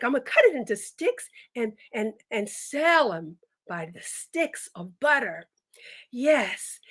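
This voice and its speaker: A vain young milkmaid girl, dreamy and boastful, lost in her own daydreams, as a woman storyteller puts her on. The voice sits high and unhurried, drawing out each word as she imagines herself at the party. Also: fairly bright tone.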